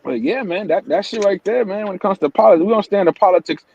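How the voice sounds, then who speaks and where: A man with a high voice hosts a casual live-stream morning show. He rants heatedly and swears freely. The sound is dry and a bit dull, with the highs rolled off. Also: fast, gravelly, no echo. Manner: profane, heated ranting. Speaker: host.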